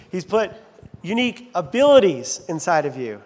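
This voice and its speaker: In a large church sanctuary, a male pastor preaches a sermon in a loose, joking, self-deprecating way. His voice sits high with a sing-song lilt and a darkish tone, at normal speed, trailed by a long reverb.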